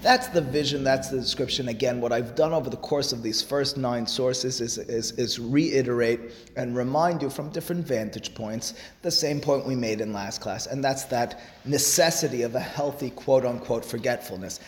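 A man teaches a Talmud class in a classroom with a long, ringing reverb. His delivery is animated: he jumps from loud exclamations to quiet, offhand asides. His voice sits at an ordinary middle pitch. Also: normal speed. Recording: echoey room with long reverb.

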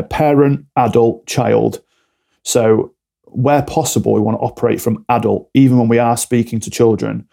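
A man with a medium-pitched, gravelly, dark-toned voice appears as a podcast guest and alcohol-free coach. He speaks candidly and explains things through acted-out mini dialogues.

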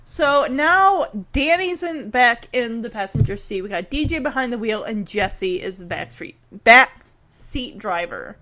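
A woman chatting casually as she recaps a sitcom, animated and acting out the characters' lines. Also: a little high, unhurried. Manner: chatty, animated, acts out quotes. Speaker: show recapper. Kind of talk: casual chat.

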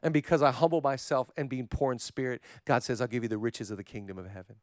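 A man preaching a sermon as pastor, with passionate rhythmic repetition, swinging from loud declarations to hushed, intimate passages. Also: medium pitch, fairly even intonation, fast talker, no room sound.

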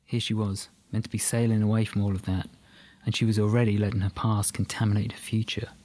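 Man reading a story, measured. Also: lowish voice, flat delivery, darkish tone, dry recording. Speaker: narrator. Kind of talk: scripted audiobook narration.

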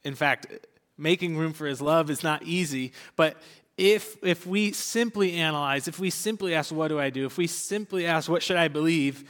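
A young man preaching a sermon as a church pastor, earnest and candid, with light laughs, dropping into soft whispers at tender moments. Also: on the high side, moderate pace, long reverb tail.

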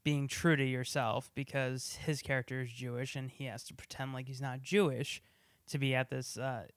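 A man's voice: medium pitch, flat delivery, moderate pace, clean tone, no echo, clean studio sound. A man co-hosting a casual movie review, chatty and digressive, full of trivia. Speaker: podcast co-host.

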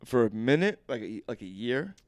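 A man's voice: mid-range voice, very animated, moderate pace, no echo. A young man hosting a podcast, chatting casually about basketball in a rambling, profane way. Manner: rambling, profane, laughs often. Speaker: podcast host. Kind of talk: casual sports chat.

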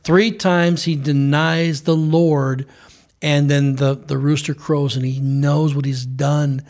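A man's voice: fairly high pitch, level tone, takes it slowly, a little mellow. A man preaching on a broadcast program, speaking fervently with frequent restarts. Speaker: preacher and co-host.

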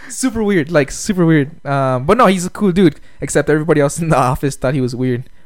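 A man's voice: a little high, quick pace, dry recording, studio quality. A young man co-hosting a podcast, rambling in casual chat with lots of fillers and laughter. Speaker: podcast co-host.

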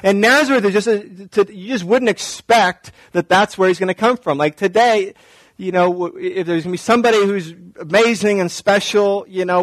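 A male pastor preaching a sermon, telling stories animatedly and acting out dialogue, then slowing to quiet emphatic lines. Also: sits high, no room sound, poor audio. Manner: drops to slow, quiet emphasis.

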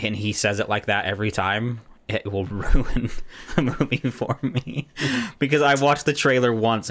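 A man's voice: on the low side, pushed and bright. A young man co-hosting a podcast, chatting casually and rambling with lots of restarts and fillers. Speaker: podcast co-host. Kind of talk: casual chat.

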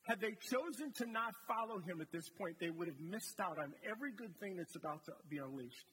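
A male guest preacher speaks to his congregation in a relaxed, storytelling manner, with asides to the people in the pews. His voice sits high for a man. The room rings with a long hall reverb, and a faint noise sits underneath. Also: a little fast. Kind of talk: sermon. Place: church sanctuary.

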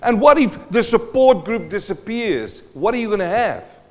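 Pastor guy preaching, kinda high voice, goes quiet then loud, big echoey church hall. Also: sing-song, normal speed, highs cut off. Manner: preachy, swings from hushed to loud emphasis. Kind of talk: sermon.

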